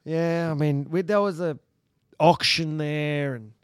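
A man's voice: a little high, fairly even intonation, measured pace, clear, resonant tone, no room sound, studio quality. A man from Australia with an Australian accent, a podcast guest rambling through anecdotes with false starts and chuckles. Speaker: podcast guest, retired bull rider. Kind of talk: casual storytelling.

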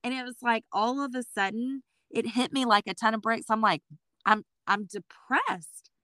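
A woman in her forties tells her story as an interview guest, lively and acting out the voices of others. Her voice is smooth and resonant, with a bright, forceful edge, recorded dry and close. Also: on the high side, fairly quick, no room sound. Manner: lively storyteller who acts out what people said. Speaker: boutique owner, interview guest. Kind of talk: conversational storytelling.

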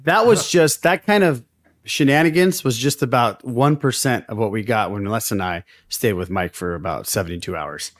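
A man's voice: medium pitch, moderate pace, no echo, clean studio sound. A man hosting a podcast, telling stories and bantering with guests in a friendly, laughing way. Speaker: podcast host. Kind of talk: casual chat.

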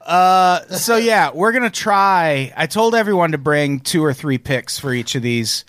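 A man's voice: fairly high pitch, expressive, measured pace, fairly bright tone, no room sound. A man in his thirties hosting a casual podcast chat, joking and swearing freely. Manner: jokey, swears casually, does goofy voices. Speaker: podcast host.

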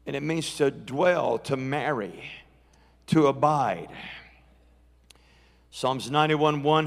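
A man's voice: mid-range voice, slow pace, vocal fry. A middle-aged man preaching a live sermon in a church, emphatic and building in intensity. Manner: rising, emphatic preaching that climbs louder as he builds. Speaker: guest preacher. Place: church sanctuary. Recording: long church hall reverb.

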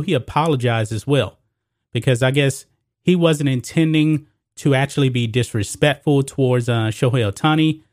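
A man's voice: mid-range voice, a little mellow, no room sound. A man gives casual sports commentary straight to his audience in a mid-range voice. He keeps calling his listeners guys and folks as he talks. The sound is dry and close, with no room around it. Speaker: sports commentary channel host. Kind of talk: casual opinion commentary to camera.

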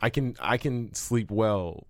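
Laid-back, slangy man with a low voice. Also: takes it slowly, dry recording, clean studio sound. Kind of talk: casual podcast chat. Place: small podcast studio.

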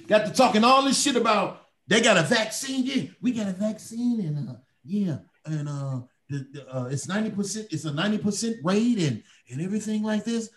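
A man with a Chicago accent hosting a casual podcast, rowdy and profane, laughing and talking like he's drunk. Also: sits high. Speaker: podcast host. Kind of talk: loud casual banter.

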